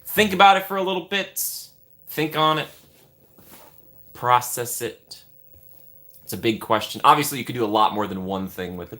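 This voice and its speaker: Lively, bright-voiced male streamer. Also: moderate pace, long pauses. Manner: upbeat and playful, greeting chatters by name with big swings in pitch. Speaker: livestream host. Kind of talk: casual live-stream chat with viewers.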